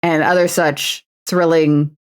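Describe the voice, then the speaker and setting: A woman's voice: low voice, little pitch movement, slow, clean tone. A Canadian woman in her twenties chatting on a livestream while painting a model, playful and self-mocking. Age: 20s. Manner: playful and self-mocking, slips into announcer voices. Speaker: streamer. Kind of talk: casual livestream chat while painting a miniature.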